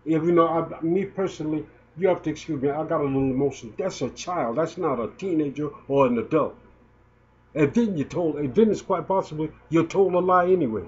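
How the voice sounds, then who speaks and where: This man in his fifties, a video blogger, speaks with a somewhat high pitch and a darkish tone. His commentary is emotional and indignant, and he trips over himself, saying words twice. It comes through a dull, lo-fi recording.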